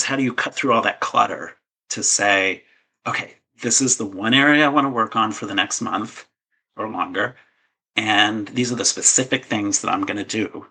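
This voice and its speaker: An earnest man speaks as a guest on an interview show, his voice lowish but bright and forward. He hesitates often and restarts sentences, then settles into plain explanations. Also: slightly rough, rough recording. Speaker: author guest. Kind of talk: casual interview talk.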